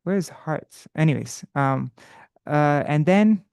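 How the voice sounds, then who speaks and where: A man works through scripture in an unprepared live study session, thinking aloud, stopping to correct himself, and chanting verses slowly. His voice is smooth and sits fairly high. The sound is dry and close, with no room echo. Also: a little mellow. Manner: thinking aloud, halting, with restarts and self-corrections.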